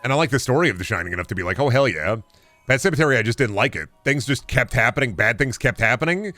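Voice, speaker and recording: A man's voice: mid-range voice, fast, no echo, faint music behind. A young man streaming a game, chatting casually and ranting with plenty of swearing. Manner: animated, profane ranting. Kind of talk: casual chat while gaming.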